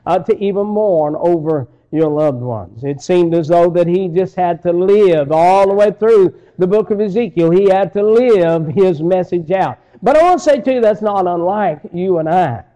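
A man's voice: high-pitched, normal speed, few pauses, dark tone, low-quality recording. A man preaching a sermon, building emphasis through repeated phrases and fillers.

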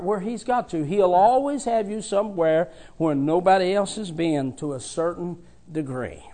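A male preacher with a strikingly high voice that leaps up and down as he preaches. He delivers a fervent sermon, dropping soft and then rising loud. His tone stays urgent and heartfelt. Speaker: traveling preacher.

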